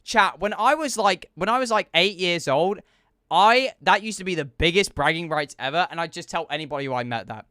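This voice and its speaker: Bright high-voiced man streaming. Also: brisk, no echo, studio quality. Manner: animated, joking banter with chat. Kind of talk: casual live-stream chat.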